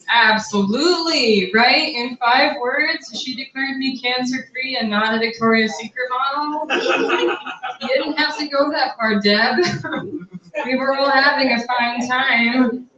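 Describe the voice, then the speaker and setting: A woman in her twenties does a crude, brash stand-up set on a bar stage, landing conversational punchlines in a high, pushed, bright voice at a slightly slow pace. The recording sounds roomy, distant, and dull, with crowd laughter.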